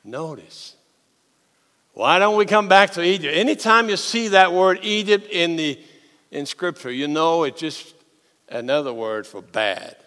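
Pastor preaching in a hall. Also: male voice, a little high, measured pace. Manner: animated storytelling, swings from loud to hushed. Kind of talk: sermon. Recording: long hall reverb.

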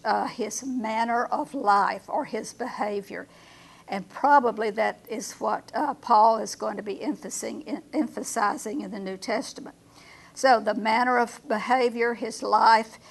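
Gravelly woman teaching Bible study. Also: fairly high pitch. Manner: asks the group questions, reads verses slowly with emphasis.

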